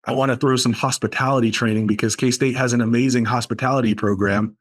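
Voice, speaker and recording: A man from Boston, guest on a podcast interview, talking about his college aviation program with enthusiastic, animated storytelling. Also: medium pitch, fast talker.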